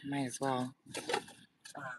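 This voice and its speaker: A man's voice: medium pitch, monotone, drawn-out words, recorded from a distance, very noisy. A man livestreaming from inside the car he lives in at night, rambling and repeating himself as he chats with viewers. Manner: rambling, repeats himself, talks to live chat. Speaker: vlogger living in his car. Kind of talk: casual livestream chat with viewers.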